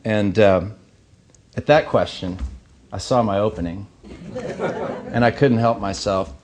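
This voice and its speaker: A crowd and other background noise surround a man from Missouri, USA, in his thirties, giving a keynote speech at an awards banquet. He speaks at a measured pace in a fairly low voice, earnest and anecdotal with touches of humor.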